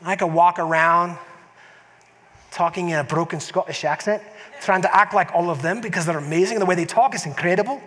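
A man's voice: sits high, a little fast, a bit bright, slight background noise. A man preaching a sermon as a pastor, conversational with frequent restarts and emphatic asides to the congregation. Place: church sanctuary. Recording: long church hall reverb.

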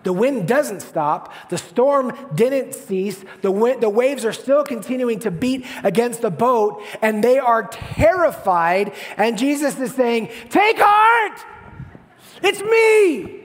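A man pastor preaching a sermon with animated storytelling, swinging between hushed and loud. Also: very high-pitched, a little slow, few pauses, in a large hall.

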